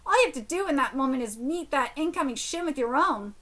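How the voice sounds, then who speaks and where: A woman streaming a live reaction to a manga, reading panels aloud and yelling at dramatic moments. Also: high voice, fast talker, hardly any pauses. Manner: excitable, yells at dramatic panels.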